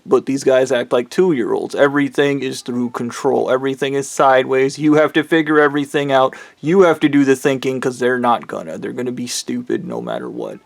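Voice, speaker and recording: A man's voice: mid-range voice, vocal fry, no room sound. A man ranting angrily and bitterly, swearing heavily as he tells a personal story. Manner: angry, bitter, heavy swearing. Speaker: vlogger. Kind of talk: profane personal rant.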